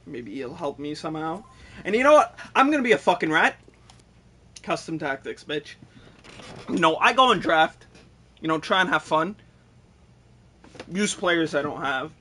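A man's voice: fairly high pitch, very animated, measured pace, pauses often, sharp tone, breathy edge. A young man giving frustrated gameplay commentary, swearing, ranting and mocking himself sarcastically. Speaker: gaming YouTuber.

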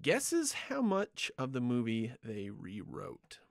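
A podcast host chats casually with his co-hosts, walking them through the history of a film production and laughing often. His medium-pitched voice swings hugely in pitch, moves at a slow pace, and has a creaky texture. The studio-quality recording is dry, with no echo.

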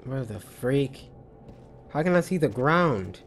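Excitable young man yelling at a game. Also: mid-range voice, slow pace, faint music behind. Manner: loud, excitable trash talk with squeals and yells. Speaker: gaming video creator. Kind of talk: let's play commentary.

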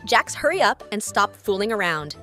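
A man's voice: sits high, very animated, moderate pace, pushed and bright, soft background music, exaggerated voice. A man doing a chirpy, bossy girl. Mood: scolding. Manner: chirpy and scolding. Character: cheerful young woman, a bit bossy.

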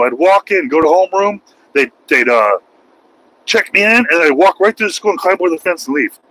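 A man in his forties, raised in Los Angeles, delivers a casual vlog monologue in a voice pitched higher than most men's. He talks with heated emphasis, circling back to repeat his key lines. The tone stays unscripted and conversational throughout. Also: a bit bright, poor audio. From Los Angeles, USA. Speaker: truck driver and channel host.

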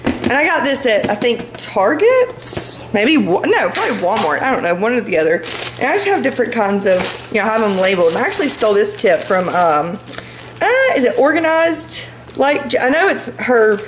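A woman talks her way through a home vlog, rambling and full of quick asides. Her voice sits a little high. The recording is from a noisy home kitchen. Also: very animated. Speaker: home vlogger. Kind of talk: casual chatty vlog.

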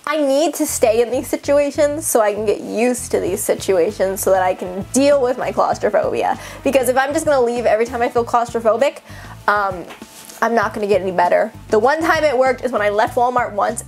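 A woman's voice: a little high, brisk, darkish tone. Chatty young woman vlogging, music faint. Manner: chatty, self-mocking, lots of "like". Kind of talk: casual talk to camera.

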